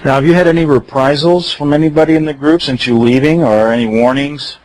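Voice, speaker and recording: A man's voice: on the high side, fairly quick, a little mellow, no echo, rough recording. A man hosting a radio talk show, affirming his guest and taking calls. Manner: affirming listener, short backchannels. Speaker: radio host. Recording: dry radio studio.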